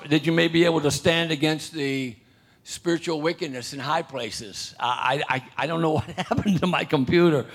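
Older man preaching a halting sermon. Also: lively intonation. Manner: storytelling, halting with repeated restarts and throat-clearing; reads scripture louder and higher. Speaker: pastor.

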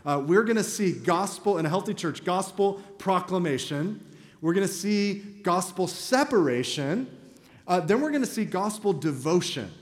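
A man's voice: sits high, animated, normal speed. A man preaching a sermon as pastor in a church, talking in a conversational but emphatic way. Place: church sanctuary. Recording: echoey hall reverb.

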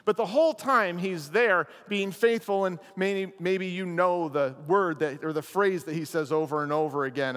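High-voiced animated man preaching. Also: moderate pace, few pauses. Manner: animated, playful storytelling with asides. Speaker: pastor. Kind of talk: sermon at a leadership chapel. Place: chapel. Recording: long chapel reverb.

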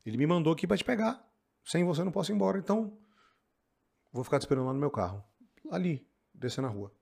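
Animated Brazilian male English teacher. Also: on the high side, very fast, gravelly, slightly rough. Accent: Brazilian Portuguese. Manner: animated, acts out film lines. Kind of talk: online language lesson.

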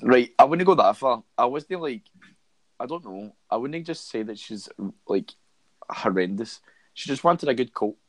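Excitable teasing co-host. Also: male voice, mid-range voice, normal speed, no echo, rough recording. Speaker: podcast co-host. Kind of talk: casual chat.

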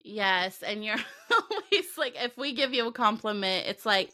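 A woman with a light Southern American twang co-hosts a relaxed podcast chat. Her voice is bright and a touch high, and she takes her time, teasing and laughing between lines. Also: measured pace. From United States. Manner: laughs often, teasing and chatty. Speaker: podcast co-host.

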